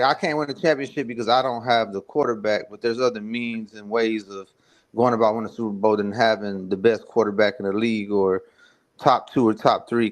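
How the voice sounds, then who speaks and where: A man's voice: mid-range voice, low-quality recording. Guy hosting a sports stream, middle voice, kinda rambly. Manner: rambling, restarts mid-thought. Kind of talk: casual sports debate.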